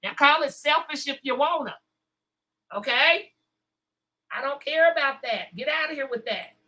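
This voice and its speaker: A woman's voice: sits high, animated, normal speed, bright, forceful tone, poor audio. A woman hosting a casual livestream, sassy and blunt as she talks back to her chat. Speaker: livestream host.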